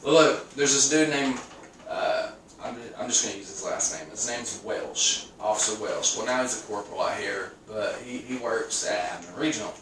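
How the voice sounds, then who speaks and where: A man's voice: on the low side, normal speed. A man co-hosting a casual podcast chat, telling stories with a lot of swearing and laughter. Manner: profane, laughing storyteller. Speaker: podcast co-host. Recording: echoey room from far off, some noise.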